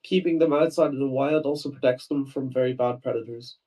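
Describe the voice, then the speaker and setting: A man on a video chat, answering in a hesitant way with a lot of pauses and ums. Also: mid-range voice, mellow, recorded from a distance, rough recording. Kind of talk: casual chat.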